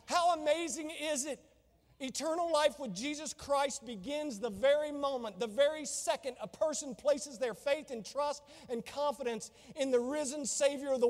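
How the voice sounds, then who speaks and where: A man's voice: very high-pitched, darkish tone, long reverb tail. A man preaching a sermon as pastor, fervent and exclamatory, reading and explaining scripture.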